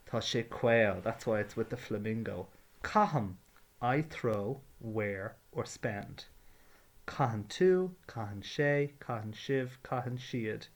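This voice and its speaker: A man's voice: medium pitch, lively intonation, takes it slowly. A man teaching a patient, step-by-step grammar lesson. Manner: patient, explains carefully, drills verb forms. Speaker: Irish language teacher.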